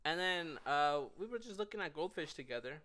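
A young man with a high, bright voice hosts a casual podcast chat. His pitch swings widely as he tells stories. He laughs through them and acts out what people said. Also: lively intonation, brisk. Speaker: podcast co-host.

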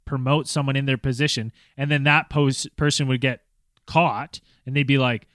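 A man in a casual podcast chat, halting, with many pauses and fillers as he works through a list. His pitch is ordinary for a man. The recording is dry and close. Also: little pitch movement, fairly bright tone, no echo. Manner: halting, reads names from notes. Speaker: podcast co-host.

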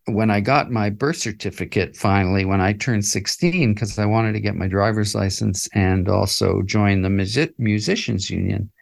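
A man's voice: on the low side, moderate pace, gravelly, hardly any pauses. An older man, a guest in an interview, recalling his past in a reflective, chuckling way with many fillers and restarts. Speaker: interview guest, musician and author. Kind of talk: casual interview storytelling.

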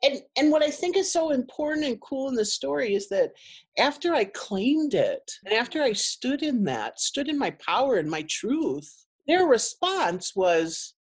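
A woman guest on a podcast interview, telling a story in an animated way and acting out what people said. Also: sits high, a little slow, slightly rough. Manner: animated storyteller, acts out quotes. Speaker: guest, nonprofit co-founder.

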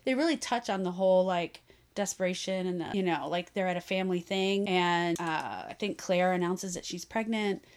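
Gushing, animated young woman. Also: on the low side, normal speed. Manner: animated storyteller, gushing, slips into quoted voices. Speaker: podcast co-host. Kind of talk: casual book chat.

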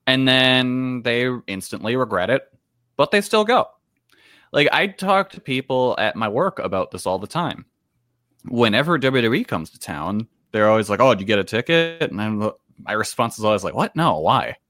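A man with a mid pitch and a lively, swooping delivery, speaking on a casual podcast. His voice sounds dry and close, and he slips into other people's voices as he tells stories. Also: moderate pace, no room sound. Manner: storytelling, acts out other people in conversations. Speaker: podcast co-host. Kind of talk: casual wrestling discussion.

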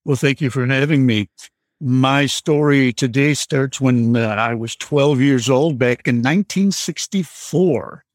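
An older man in his seventies tells a ghost story from his youth as a caller on a show. He speaks slowly and deliberately, pausing often. His voice sits in the middle range and is recorded dry and close. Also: mid-range voice, dry recording. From Michigan. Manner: slow, deliberate storytelling with frequent "uh" pauses. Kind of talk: storytelling on a radio call.

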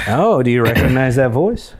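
A man's voice: medium pitch, big pitch swings, normal speed. A man hosting a comedy podcast, upbeat as he runs party games and scores the players. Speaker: host.

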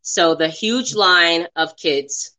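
A woman co-hosting a casual podcast chat about a movie, enthusiastic and quick to laugh and agree. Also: fairly low pitch, heavy background noise. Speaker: podcast co-host.

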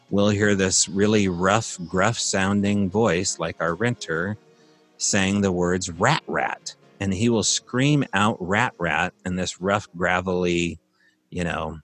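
A man casually telling a long, rambling story from his rural property, with many fillers and restarts. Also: low-pitched.

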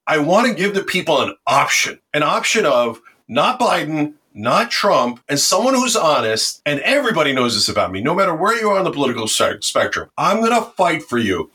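A man with a husky, forceful voice that sits a little high. He talks as a podcast guest with impassioned, emphatic, combative energy. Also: sing-song, a little fast, hardly any pauses. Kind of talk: animated political interview talk.

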